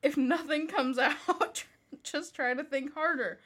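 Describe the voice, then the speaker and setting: A woman's voice: high-pitched, measured pace, a bit bright. A young woman co-host, teasing and giggling as she reacts and reads aloud. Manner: giggly, teasing, laughs often. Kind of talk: casual banter and mock reading.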